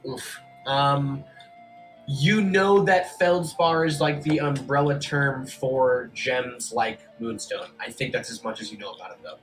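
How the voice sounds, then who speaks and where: A man running a tabletop game as game master, talking in a relaxed, hesitant way with frequent ums. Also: mid-range voice, measured pace, faint music behind.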